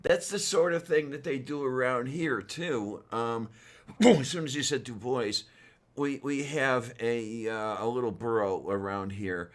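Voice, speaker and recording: A man's voice: medium pitch, unhurried. A man co-hosting a casual chat, rambling and hesitant, with many ums. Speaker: podcast co-host.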